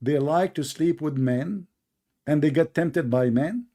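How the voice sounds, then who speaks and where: A man's voice: a little high, measured pace, dark tone. A man hosting a debate, speaking combative, sarcastic English that is not his first language. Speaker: debate host. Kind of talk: mocking religious debate.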